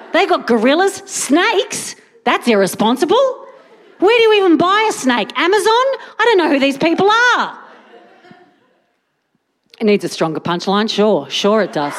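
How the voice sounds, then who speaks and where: A woman doing rambling, self-mocking stand-up comedy on a theatre stage. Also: high-pitched. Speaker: guest comedian. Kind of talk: stand-up set then chat. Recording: live hall, audience present.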